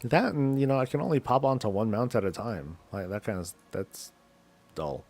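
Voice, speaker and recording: A man streaming a game, chatting casually in a loose, slangy, rambling way as he thinks out loud. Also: medium pitch, expressive, moderate pace, faint music behind. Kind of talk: casual chat while gaming.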